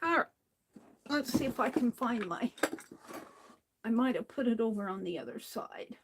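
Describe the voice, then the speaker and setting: Brief: higher-voiced woman, slow rambling craft-stream chatter, faint hiss. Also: expressive. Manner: chatty, rambling, talking to herself while working. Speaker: art livestreamer. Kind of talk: casual crafting livestream. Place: home craft room.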